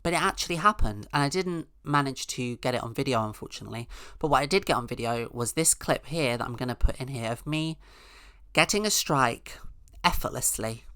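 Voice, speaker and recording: A woman's voice: extremely low pitch, lively intonation, a little fast, fairly bright tone, no room sound, clean studio sound. A woman hosting a podcast, telling a rambling, sarcastic comic story with mock-outraged asides. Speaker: podcast host. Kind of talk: casual comedic monologue.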